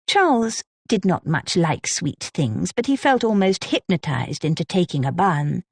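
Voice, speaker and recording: A woman narrating an audiobook in a measured, descriptive manner on a close studio mic. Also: lowish voice, very animated, creaky, slightly rough, dry recording. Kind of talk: scripted narration.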